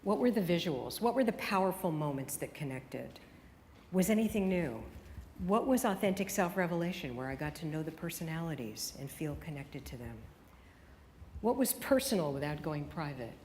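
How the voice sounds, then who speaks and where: A woman's voice: low voice, lively intonation, moderate pace, darkish tone, a little hiss or hum. A woman radio consultant giving a conference keynote, firing off emphatic rhetorical questions at the audience. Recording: hall reverb with faint room ambience.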